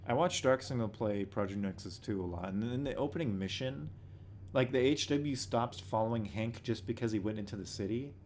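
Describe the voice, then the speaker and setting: A man's voice: mid-range voice, a little fast, darkish tone, slight background noise. A man hosting a casual livestream, answering chat questions bluntly and swearing freely.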